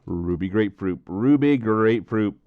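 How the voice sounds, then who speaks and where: A man chatting casually to camera while tasting drinks, rambling, repeating himself and filling pauses with frequent "uh, um" sounds. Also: on the low side, expressive, no room sound, narrow, tinny audio.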